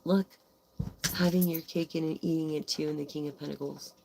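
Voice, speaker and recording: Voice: medium pitch, steady tone, normal speed, vocal fry, noisy background. An adult tarot reader giving a casual live reading, rambling and meandering with lots of fillers and the odd swear word.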